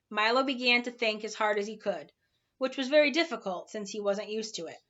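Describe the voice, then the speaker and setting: A woman narrating a children's storybook aloud in an expressive, animated way. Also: fairly high pitch, normal speed, highs cut off.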